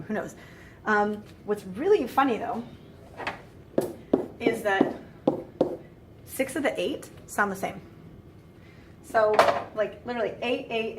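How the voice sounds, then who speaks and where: A woman's voice: mid-range voice, noisy background. A woman giving a casual French grammar lesson, chatty and full of fillers, with playful exasperated asides. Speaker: French teacher. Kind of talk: casual screen-recorded lesson.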